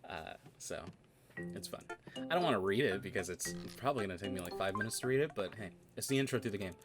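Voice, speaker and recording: A man's voice: fairly low pitch, animated, fast talker. A man streaming a video game and chatting casually, rambling, laughing often and swearing freely as he tells stories. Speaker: streamer and tabletop game master. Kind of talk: casual chat while playing a video game. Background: video game music.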